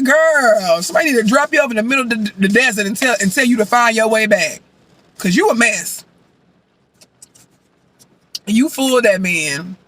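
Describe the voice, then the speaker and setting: A man chatting casually as a vlogger, reviewing a show while he eats, animated and sassy with loud outbursts. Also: very high voice, normal speed, no room sound.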